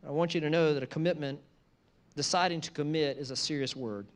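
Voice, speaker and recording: A man preaching a sermon, moving from conversational asides to loud, emphatic repeated phrases. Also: a little high, fairly quick. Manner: conversational asides between scripture lines. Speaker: pastor.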